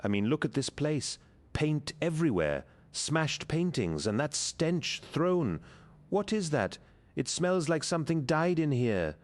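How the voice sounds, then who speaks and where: A man's voice: expressive, normal speed. A man voicing a passionate male artist who speaks with urgent, exasperated energy. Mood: agitated. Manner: exasperated, urgent, raised pitch.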